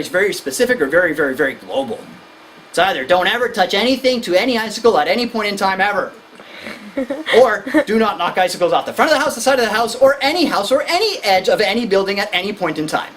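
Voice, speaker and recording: Animated woman lecturing parents. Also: a little hiss or hum, poor audio. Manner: animated, acts out kids and parents in high voices. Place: lecture hall.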